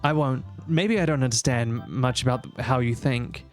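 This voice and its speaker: A woman voicing a gentle, worried mother who speaks softly and calmly to her daughter. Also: extremely low pitch, normal speed, soft background music, voice pushed down. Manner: soft, calm, pleading.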